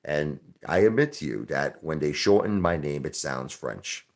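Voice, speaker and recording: A man hosting a casual live stream, talking in a brash, combative rant. His voice sits very low. He hammers his points by repeating them. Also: animated, normal speed, creaky.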